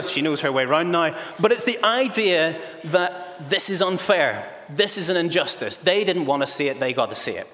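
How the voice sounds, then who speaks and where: A man preaching a sermon in a lively, humorous storytelling style, acting out the voices of the people in his stories. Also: a little high. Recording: long echoey hall reverb.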